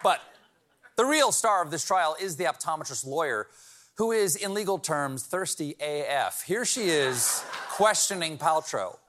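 A middle-aged man hosting a late-night talk show, joking and telling stories with animated delivery. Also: a little high, a little slow. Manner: jokey, animated storyteller. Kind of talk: late-night monologue and interview.

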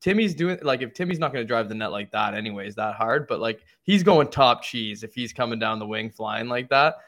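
Male podcast co-host, mid-pitched, chatty and excitable fan energy. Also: a little fast. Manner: chatty, lots of likes and rights, excitable. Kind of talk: casual sports chat.

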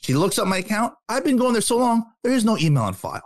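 A man in his early thirties co-hosting a talk radio show, telling a story in a quick, animated way that builds up steam. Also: high-pitched, dry recording. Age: 30s. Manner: animated, quick storyteller who gets worked up.

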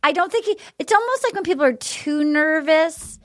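Brief: woman podcast host, high voice, lively and playful banter. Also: moderate pace, a little hiss or hum. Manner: animated, jokey, quotes people in silly voices. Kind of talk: casual comedy chat.

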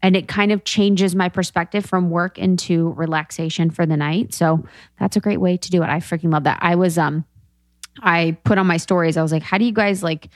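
A woman's voice: on the low side, no room sound. A woman in her thirties co-hosting a podcast, chatting casually, swearing and laughing often. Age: 30s. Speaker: podcast co-host. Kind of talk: casual chat.

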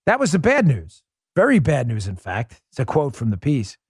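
A man's voice: mid-range voice, wildly swooping pitch, normal speed, husky, no room sound, clean studio sound. A man hosting a political talk show, delivering an emphatic, sarcastic monologue full of rhetorical questions.

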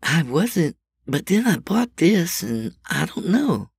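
A man voicing a cheerful, enthusiastic middle-aged wife in an audio story, speaking in a lively, sing-song way. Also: fairly high pitch, slow pace, vocal fry, breathy edge, no echo, clean studio sound, voice pushed up, full character voice. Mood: excited. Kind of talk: audio drama reading.

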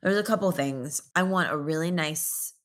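A woman chatting casually as a podcast guest, bubbly and quick to laugh. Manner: bubbly, laughs often, animated pitch jumps. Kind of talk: casual chat.

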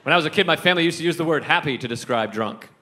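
A man's voice: a little high, expressive, racing, bright, forceful tone. Dry self-deprecating male stand-up. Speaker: stand-up comedian. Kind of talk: stand-up set. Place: comedy club stage. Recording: live club recording with crowd laughter. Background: audience laughter.

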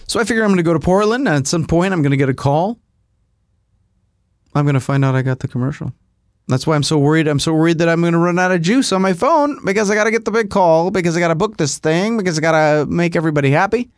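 A man hosts his own podcast at a quick pace, rambling through a casual monologue full of self-mocking asides, and he mimics agency people in a higher voice. The sound is studio quality with no echo.

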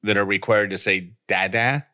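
Man co-host, lowish but bright tone, dry teasing delivery. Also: fairly even intonation, moderate pace. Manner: teasing, matter-of-fact. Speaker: podcast co-host. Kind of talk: casual chat.

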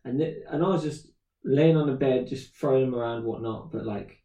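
A man, co-hosting a podcast and telling animated stories in casual chat with loud acted-out shouts. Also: mid-range voice, fairly quick, roomy sound, distant mic, rough recording. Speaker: podcast co-host.

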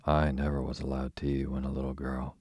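A man's voice: rumbling low, completely flat delivery, fairly quick, darkish tone, breathy edge, no room sound, studio quality. A man reading as a prim little girl scolding. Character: little girl playing a prim, strict mother.

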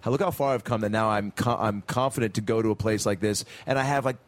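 A man's voice: on the low side, fast. A man hosting a casual podcast chat, blunt and teasing, swearing freely.

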